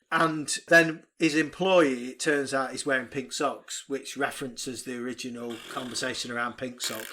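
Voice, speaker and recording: A man co-hosting a casual film podcast, recapping the plot in an animated, sweary way and putting on quick mock voices. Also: on the high side. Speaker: podcast co-host. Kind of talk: casual film review chat.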